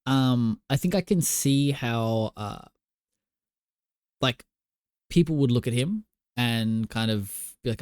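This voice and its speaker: A man's voice: medium pitch, expressive, slow, pauses often, a little mellow, clean tone, no echo, clean studio sound. Rambling man chatting about a film. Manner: rambling, filler-heavy, lots of "like" and "you know". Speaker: podcast co-host. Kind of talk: casual film discussion.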